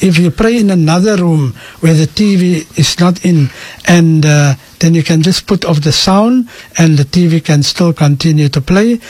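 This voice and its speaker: Man, radio sheikh; higher-pitched, dry close studio sound, patient teaching manner. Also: husky, no room sound. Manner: calm, explanatory, mixes in Afrikaans phrases. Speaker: sheikh answering listener questions. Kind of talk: radio call-in Q and A. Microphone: radio studio microphone.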